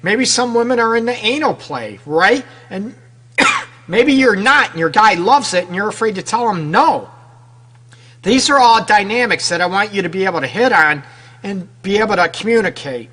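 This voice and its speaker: High, bright-voiced male radio counselor. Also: expressive, normal speed. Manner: direct, conversational, keeps addressing women listeners; frequent rhetorical questions and tag "right?". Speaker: relationship counselor and radio host. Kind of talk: radio advice talk.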